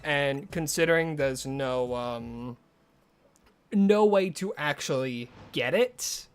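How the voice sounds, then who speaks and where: This man streams a game live, his voice on the high side with a clean tone and a slow delivery. He chats casually with viewers, answers their messages, and wanders off into rambling asides.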